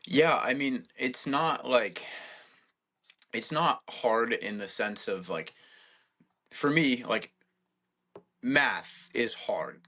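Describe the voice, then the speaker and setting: A man's voice: medium pitch, lively intonation, very slow, long pauses, bright, forceful tone. A young man in his twenties, a podcast guest, chatting casually and rambling with lots of filler words. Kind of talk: casual chat.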